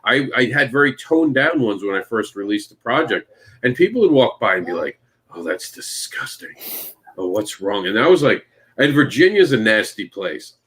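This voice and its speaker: A man's voice: medium pitch, animated, normal speed, a bit bright, husky. Male guest, brash storyteller, sarcastic, acts out his own asides. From Florida. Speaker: guest, comics creator. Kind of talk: casual chat.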